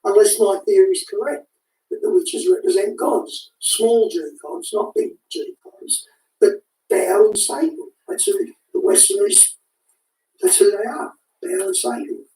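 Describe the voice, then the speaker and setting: A woman giving an animated, casual spoken commentary, often restarting and repeating words as she talks. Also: fairly high pitch, measured pace, creaky, a little hiss or hum. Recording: echoey room, far from the mic.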